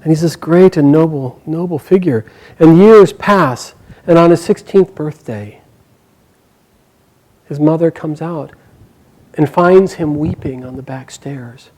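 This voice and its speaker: A man telling an epic story aloud, narrating expressively with frequent pauses and small restarts. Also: on the high side, a little mellow, low-quality recording.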